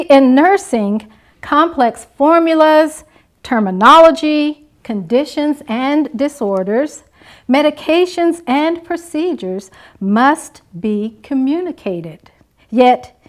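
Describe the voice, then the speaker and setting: Slow, deliberate woman giving a graduation address. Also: high-pitched. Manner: slow, emphatic, call-and-response delivery. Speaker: nursing instructor.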